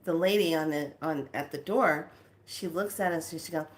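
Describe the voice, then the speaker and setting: A woman with a fairly low voice tells a dream story to her viewers. She is animated and blunt, swears casually, and acts out every exchange as she goes. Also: brisk. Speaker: spiritual channeler and video host.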